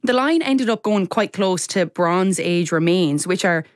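A woman's voice: lowish voice, animated, unhurried, no echo, clean studio sound. A woman co-hosting a podcast in casual chat, speaking with emphatic exasperation. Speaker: podcast co-host.

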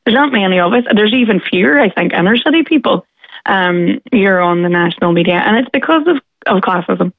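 A woman's voice: medium pitch, animated, fairly quick, dry recording. A woman from Derry with a Derry accent, calling into a radio show and speaking forthrightly and with passion. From Derry, Northern Ireland. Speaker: radio caller. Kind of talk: radio phone-in discussion. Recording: tinny phone line.

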